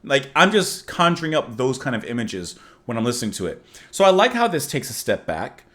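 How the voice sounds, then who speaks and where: A man talks through his reactions to an album in a loose, wandering way, often chuckling at his own thoughts. His voice swings widely up and down in pitch as he muses aloud. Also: very animated, a little fast, fairly bright tone. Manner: rambling, musing, chuckles at himself. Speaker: music reaction host. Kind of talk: casual reaction commentary.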